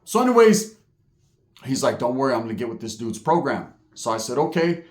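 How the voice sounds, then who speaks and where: A man's voice: mid-range voice, big pitch swings, a little fast, roomy sound. A man from California telling a prison story in casual street slang, full of profanity and "right?" asides. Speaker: storyteller recounting prison life.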